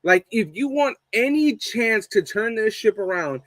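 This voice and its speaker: A man's voice: high voice, animated, measured pace, a bit bright, no room sound. A young man hosting a casual live fan stream, swearing a lot and repeating his points for emphasis. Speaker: fan show host reading live chat.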